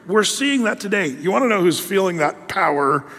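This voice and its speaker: A man's voice: high-pitched, expressive, moderate pace, a bit bright, breathy edge. A man preaching a sermon as pastor, rambling with many fillers and restarts. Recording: long reverb of a hall.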